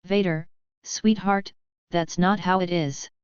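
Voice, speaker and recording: A woman voicing a gentle, careful mother in a storybook reading. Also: lowish voice, fairly even intonation, slow, clean tone, no room sound. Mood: tender. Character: loving careful mother, middle-aged woman. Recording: dull lo-fi dry.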